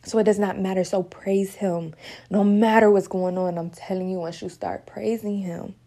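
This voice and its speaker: A woman's voice: mid-range voice, steady tone, normal speed, dark tone. A woman in her own talk giving earnest, emotional spiritual encouragement. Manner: earnest, repetitive, emotional, sometimes near tears. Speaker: online Christian speaker.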